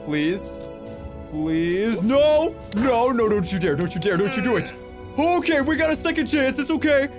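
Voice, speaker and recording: Young male gaming YouTuber, high pitch, exasperated running commentary. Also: big pitch swings, normal speed, music in the background. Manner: frustrated, exclaiming, rambling self-talk. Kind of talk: let's play commentary.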